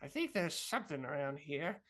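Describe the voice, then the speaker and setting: A woman voicing a timid, sentimental male companion who speaks in hesitant, halting bursts. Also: deep voice, very animated.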